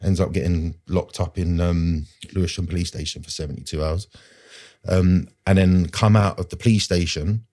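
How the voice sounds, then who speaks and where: A man's voice: low-pitched, steady tone, normal speed, mellow. A man, a podcast guest telling his personal story in an earnest, rambling way with street slang and lots of fillers.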